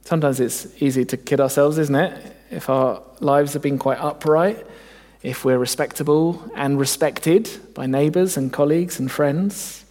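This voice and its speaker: A man's voice: on the high side, unhurried, a little mellow, big-room sound. A man preaching a sermon, earnest and reflective, often asking his listeners rhetorical questions.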